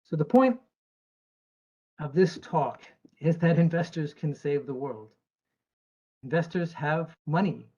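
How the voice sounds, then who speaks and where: A man's voice: fairly high pitch, animated, takes it slowly, long pauses, warm tone, breathy edge, muffled recording. An American man, an actuary, giving a presentation to investors in an earnest, emphatic way with dry asides. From United States.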